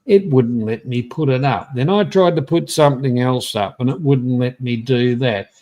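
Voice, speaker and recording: A man's voice: medium pitch, normal speed, mellow. An Australian man hosting a live trivia stream, chatting bluntly and rambling as he greets viewers by name. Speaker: livestream host. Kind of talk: casual live-stream chat.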